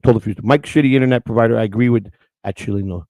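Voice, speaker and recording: Livestream host, middle-aged man, gravelly and quick, crude storyteller. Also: medium pitch, warm tone, no room sound, dull audio. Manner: rambling, storytelling, crude and emotional. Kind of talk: casual chat with the live chat.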